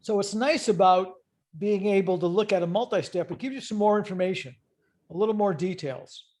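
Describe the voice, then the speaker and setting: A man's voice: high voice, fairly quick, darkish tone. A middle-aged man giving an online accounting lecture, explaining step by step in a conversational way and asking students questions. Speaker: accounting instructor.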